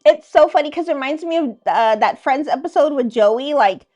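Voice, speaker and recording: A woman's voice: high-pitched, lively intonation, moderate pace, a little mellow, dull audio. A woman hosting a casual livestream chat, reading viewer comments aloud in a playful, teasing way and laughing often. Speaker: livestream host.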